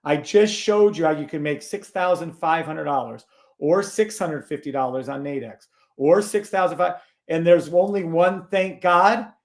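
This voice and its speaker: Man, gravelly voice, somewhat high pitch, gruff and profane, live trading stream host. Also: normal speed, darkish tone. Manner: gruff, blunt and swearing, scolding viewers.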